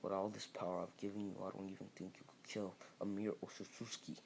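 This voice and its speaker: A man's voice: sits low, flat delivery, quick pace, vocal fry, a little mellow. A man voicing a scornful, hissing godlike being. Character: arrogant godlike male being, scornful and angry.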